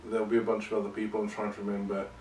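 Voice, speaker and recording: A man's voice: fairly low pitch, completely flat delivery, rapid-fire, darkish tone, slight background noise. A man hosting a podcast, talking in a rambling, casual, self-deprecating way. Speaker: podcast host. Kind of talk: casual monologue. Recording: roomy and distant from the mic.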